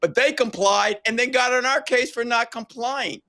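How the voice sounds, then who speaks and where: A man's voice: very high voice, moderate pace, bright, forceful tone. Emphatic male talk show host. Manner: emphatic, rhetorical questions. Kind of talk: political interview.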